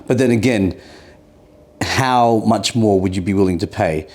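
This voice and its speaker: An Australian man with a lowish voice, talking casually as a podcast guest in a studio. He lays out his points step by step and keeps checking in with "right?". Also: measured pace. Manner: relaxed, explains with rhetorical questions and "right?".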